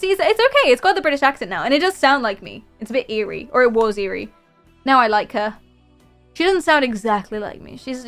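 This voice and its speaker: A young woman streamer chatting casually and excitedly to her viewers, gushing and answering chat. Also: a little high, clear, resonant tone.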